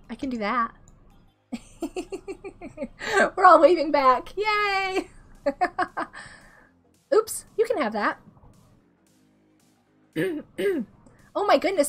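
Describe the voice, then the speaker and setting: A woman in her thirties, sick with a rough throat, chatting casually and giggling as she greets viewers during a game stream. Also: high-pitched, lively intonation, takes it slowly, long pauses, a bit bright. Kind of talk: casual live-stream chat while gaming. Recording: faint music behind the voice.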